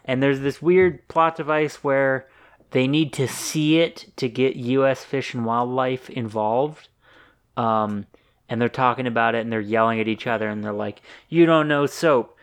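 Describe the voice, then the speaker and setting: A young man co-hosting a casual podcast, recapping a film in a loose, animated way. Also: medium pitch, normal speed, clean tone. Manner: rambling, animated movie recaps with put-on voices. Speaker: podcast co-host. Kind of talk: casual chat.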